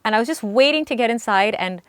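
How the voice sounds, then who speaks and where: A young woman singer recalling a story in earnest, halting speech with frequent restarts. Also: on the high side, animated, clear, resonant tone, dry recording, studio quality. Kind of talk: storytelling interview recollection.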